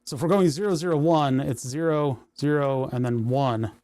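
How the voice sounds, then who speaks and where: A man's voice: mid-range voice, moderate pace, a little mellow. A man hosting a casual electronics livestream, rambling and thinking aloud, poking fun at himself as he works. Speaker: livestream host. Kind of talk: casual live coding chat. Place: home workshop.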